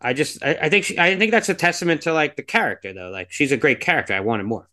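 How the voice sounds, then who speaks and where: A man's voice: a little high, animated, fast, bright, forceful tone. A man co-hosting a podcast in casual chat, rambling and hedging with lots of fillers as he gives his views. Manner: rambling, hedging, heavy on fillers like "like" and "you know". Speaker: podcast co-host reviewing a film.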